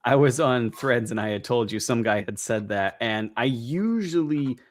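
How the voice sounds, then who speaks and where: A man's voice: mid-range voice, lively intonation, moderate pace. A man, co-hosting a casual podcast, easygoing and hesitant, with many ums and frequent laughs. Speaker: podcast co-host. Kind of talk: casual chat.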